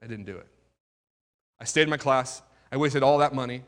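A young man giving his testimony as a sermon to a crowd, telling his story with drama and dropping from loud to hushed. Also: mid-range voice, brisk. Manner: talks straight to the crowd with questions. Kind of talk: testimony sermon to a live audience.

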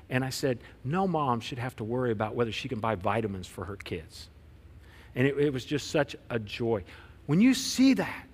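A man's voice: medium pitch, a bit bright. Male pastor preaching in a reverberant hall. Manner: conversational storytelling preacher with frequent restarts. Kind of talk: sermon. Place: church sanctuary. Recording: long reverb of a church hall.

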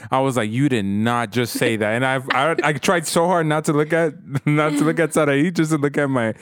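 A young man co-hosting a podcast, animated and joking, swearing freely. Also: a little high, brisk, no echo, studio quality. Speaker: podcast co-host. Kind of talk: casual chat.

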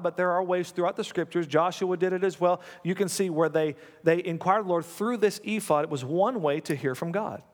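A man's voice: high voice, long reverb tail. A man preaching a sermon in a church, talking conversationally, coaxing the congregation and repeating key lines.

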